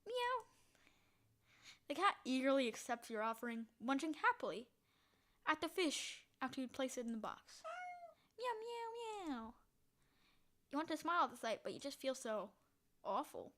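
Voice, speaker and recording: A woman playing a text adventure, reading the story aloud in a hushed voice and breaking into loud, excited reactions. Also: high-pitched, brisk. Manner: reads narration quietly, bursts into loud excited reactions. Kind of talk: casual let's-play narration.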